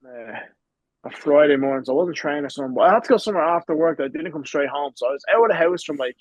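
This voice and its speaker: Fast-talking young Irish man. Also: on the high side, dry recording, low-quality recording. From Ireland. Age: 20s. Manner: rambling storyteller, swears freely. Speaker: guest, pro wrestler. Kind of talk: casual podcast chat.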